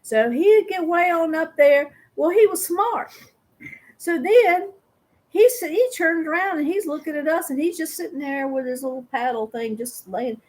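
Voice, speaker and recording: A middle-aged woman, hosting a casual live chat and telling a story with lively acted-out voices. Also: high-pitched, moderate pace. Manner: animated storyteller who acts out voices. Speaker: host.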